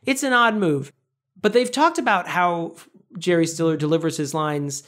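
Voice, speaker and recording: Podcast co-host, animated storyteller, acts out quoted lines, casual chat. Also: medium pitch, moderate pace. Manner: casual swearing.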